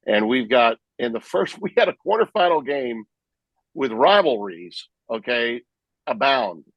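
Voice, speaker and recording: A man, a sports broadcaster, telling lively stories about calling games in a podcast interview. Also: medium pitch, a little slow, vocal fry, dry recording, dull audio. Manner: animated, vivid storyteller who acts out his own play calls. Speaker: sportscaster guest.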